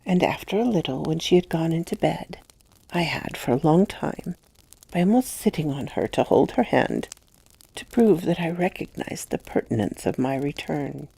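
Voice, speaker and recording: A woman narrating a classic ghost story in a measured, expressive reading with hushed passages. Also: low voice, gravelly, husky, no echo.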